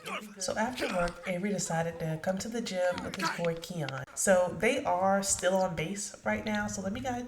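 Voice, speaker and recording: A woman casually narrating her gameplay, chatting directly to her viewers. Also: mid-range voice. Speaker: let's play narrator. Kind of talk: casual game commentary. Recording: echoey room.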